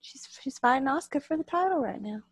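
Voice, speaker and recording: A woman's voice: sits high, animated, quick pace, no room sound. A woman in casual conversation, chatty, asking questions and laughing along. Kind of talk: casual chat.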